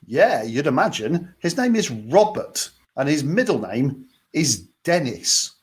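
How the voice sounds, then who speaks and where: A man's voice: on the high side, sing-song, husky. Joking male comedian co-host. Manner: joking, quick comic asides and banter. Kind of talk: casual podcast chat.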